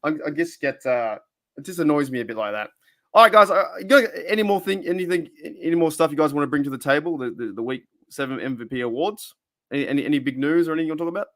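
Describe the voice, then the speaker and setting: A man's voice: on the high side, animated, fast talker, a bit bright. A man hosting a casual sports podcast, rambling and often repeating his words. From Australia. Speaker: podcast host.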